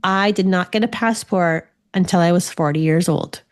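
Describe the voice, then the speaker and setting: A spiritual medium in her forties hosts a laid-back solo podcast, spinning chatty stories full of swearing. She's from Ontario, Canada, and her voice sits on the low side at a moderate pace.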